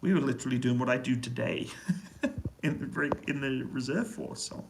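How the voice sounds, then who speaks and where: A British man in a hotel room, answering viewers' questions on a casual, relaxed live stream and keeping his voice down so he doesn't wake anyone. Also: mid-range voice, moderate pace, vocal fry, noisy background. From United Kingdom. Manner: relaxed, quiet voice to avoid waking neighbours. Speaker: livestream host answering chat questions. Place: hotel room on an army base.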